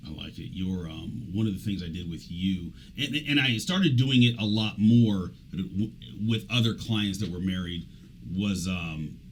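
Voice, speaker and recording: A man's voice: deep voice, a little slow, a little hiss or hum, rough recording. A man hosting a radio talk show as an executive coach, talking casually and animatedly, often trailing off and restarting. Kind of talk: casual conversational interview.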